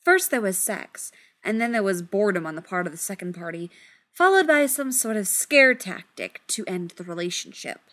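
A woman reading a story aloud in an unhurried, expressive way. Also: medium pitch. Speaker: audiobook reader. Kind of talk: fan fiction reading.

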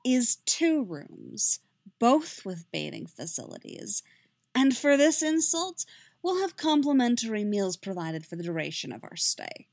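A woman's voice: medium pitch, sing-song, normal speed, dry recording, voice pushed up. A woman voicing a haughty, cold-tongued sorceress who drawls her cutting words, in a fan fiction reading. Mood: cutting threat.

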